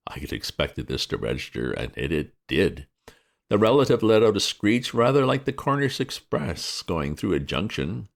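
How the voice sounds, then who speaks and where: A man narrates a classic audiobook in a wry, expressive manner. His voice is deep and gravelly, and it rises and falls a lot as he tells the story. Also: normal speed. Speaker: reader of classic fiction.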